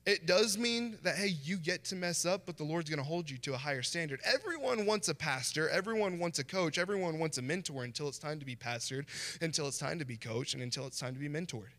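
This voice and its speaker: Long reverb from the church hall surrounds a man giving a conversational sermon as a visiting pastor. His fairly high, fairly bright voice moves fast, and he performs short quoted lines in character.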